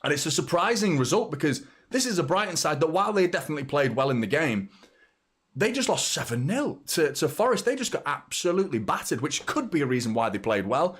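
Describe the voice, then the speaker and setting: A man's voice: a little high, sing-song, brisk, fairly bright tone, slightly rough. A man in his thirties hosting a football watchalong live stream, talking casually and rambling as he reads out viewers' messages. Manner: chatty, rambling, reads out super chats.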